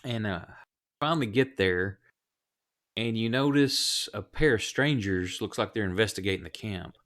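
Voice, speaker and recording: A man narrating as game master in a tabletop game, relaxed and halting with fillers. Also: on the low side.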